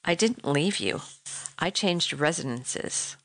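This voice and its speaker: A woman's voice: fairly low pitch, very animated, measured pace, a bit bright, dry recording. A woman reading as a cold, taunting husband. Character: cold, mocking middle-aged husband. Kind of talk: audiobook narration.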